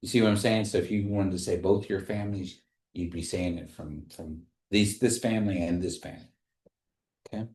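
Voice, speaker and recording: A man teaching a classroom language lesson, patiently repeating phrases slowly for his students. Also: deep voice, steady tone, a little mellow. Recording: echoey room.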